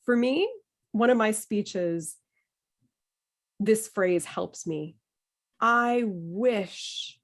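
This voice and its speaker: Slow-speaking woman leading a playful workshop. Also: mid-range voice, darkish tone. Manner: playful, encouraging, demonstrates emotions with her voice. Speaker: workshop leader. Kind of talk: online workshop instruction. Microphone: video call.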